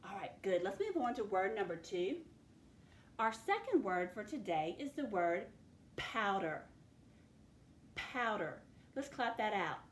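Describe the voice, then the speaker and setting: A woman teacher leading a recorded phonics lesson, clearly sounding out words and letters for her students. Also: mid-range voice, sing-song, measured pace, long pauses, roomy sound, a little hiss or hum. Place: classroom with a board.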